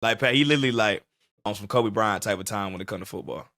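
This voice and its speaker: Man in his 20s, podcast co-host, animated storytelling, laughing, dry close sound. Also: lowish voice, fast talker, no echo. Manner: animated, laughs often, acts out quotes. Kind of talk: casual storytelling chat.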